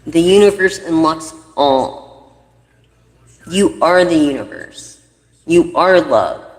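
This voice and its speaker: A woman's voice: low voice, animated, takes it slowly, long reverb tail, low-quality recording. A woman doing a casual tarot reading for her viewers, giving blunt, profane, rambling advice. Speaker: intuitive tarot reader.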